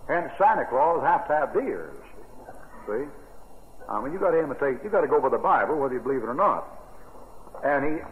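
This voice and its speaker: A man's voice: mid-range voice, animated, a little fast. An older American man preaching a sermon on Bible verses in a folksy, rambling way. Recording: tinny old radio broadcast with long reverb.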